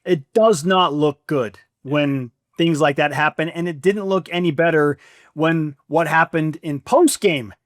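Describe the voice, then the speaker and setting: Man, podcast host, animated storyteller, opinionated, high voice, dry sound. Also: unhurried, dry recording. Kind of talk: casual chat.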